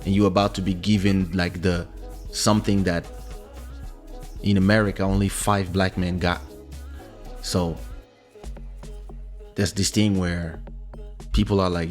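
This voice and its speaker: Low-voiced man hosting a lively chat. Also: measured pace, pauses often, soft background music. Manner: animated, acts out quoted people with big pitch jumps. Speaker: podcast host. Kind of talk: casual chat.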